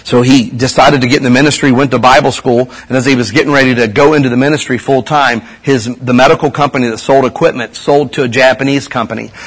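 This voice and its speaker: A man's voice: mid-range voice, low-quality recording. A man preaching a sermon in a conversational way, asking his audience rhetorical questions.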